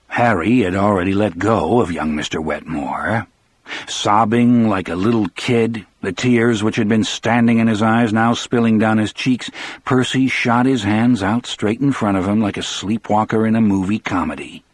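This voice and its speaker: A man's voice: on the low side, moderate pace, no room sound. A man narrating an audiobook in the first person, with a dramatic storyteller delivery.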